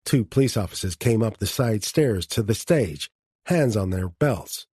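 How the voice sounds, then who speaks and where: A man reading an audiobook in a measured first-person narration. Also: lowish voice, animated, warm tone, slightly rough, no room sound, studio quality. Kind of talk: scripted narration.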